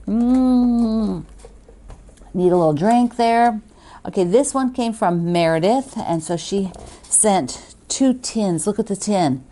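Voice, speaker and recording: A woman's voice: mid-range voice, slow pace, mellow. A woman hosting a quilting video, chatting casually and gushing as she opens fan mail, laughing often. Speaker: quilting show host.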